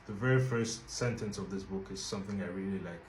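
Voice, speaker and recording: A man with a lowish voice talks through a book in a measured, reflective way. His voice rings in an echoey room with a faint hiss behind it. It sounds like a home-made review video. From Nigeria.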